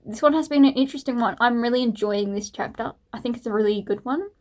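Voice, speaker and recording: A woman's voice: on the high side, fast talker, a little mellow. A woman, a book vlogger, chatting casually to camera at home in a rambling way with laughs. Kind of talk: casual vlog chat to camera.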